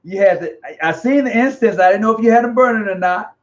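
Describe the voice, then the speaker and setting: A man hosting a casual live online interview, talking in an animated, slangy way and often repeating himself. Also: high-pitched, quick pace. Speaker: host. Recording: dull lo-fi audio.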